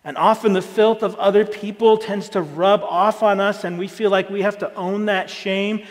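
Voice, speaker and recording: A man preaching a sermon as a pastor, earnest and plain-spoken, rising in pitch when he presses a point. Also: fairly even intonation, normal speed. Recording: long hall reverb.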